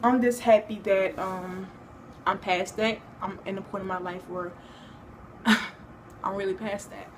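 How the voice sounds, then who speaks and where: A woman's voice: medium pitch, steady tone, measured pace, pauses often, a little hiss or hum. A young woman talking casually to her own vlog, rambling with many fillers and restarts. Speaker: vlogger. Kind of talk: casual personal vlog talk.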